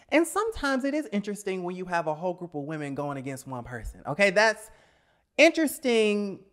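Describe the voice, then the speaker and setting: A young man talks through a reality TV review in a sassy, blunt way, drifting into scatterbrained asides. His voice sits a bit high and comes through smooth and clear, even though he is getting over a cold. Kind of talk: casual review vlog.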